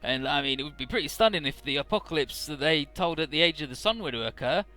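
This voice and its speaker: A man's voice: fairly high pitch, lively intonation, quick pace, bright, forceful tone, faint music behind. A man narrating a video game in a casual, profane style, loosely paraphrasing the dialogue. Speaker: let's play narrator.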